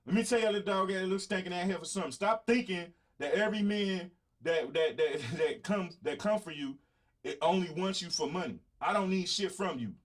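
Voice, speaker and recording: A high-pitched, slightly fast-talking middle-aged man with a Southern US accent hosts a podcast. His casual monologue to viewers is blunt, boastful and profane.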